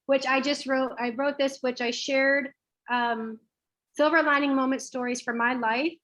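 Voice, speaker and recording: Female interview guest, earnest storyteller, voice a bit high, over a video call. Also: steady tone, moderate pace, a bit bright. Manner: earnest, reflective, with fillers. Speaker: lawyer and guest.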